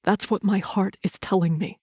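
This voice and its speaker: A woman's voice: mid-range voice, fairly even intonation, moderate pace, dark tone, breathy edge, no echo, clean studio sound, lightly acted. A woman voicing a protective young werewolf man. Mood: earnest. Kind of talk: audiobook character reading.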